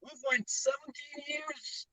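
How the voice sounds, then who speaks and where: High-ish american guy calling in, jokey slangy, dull far-off line, dry. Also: takes it slowly, no echo. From United States. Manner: animated, joking, drawling slang. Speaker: caller. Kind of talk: casual call-in chat. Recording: distant dull call line.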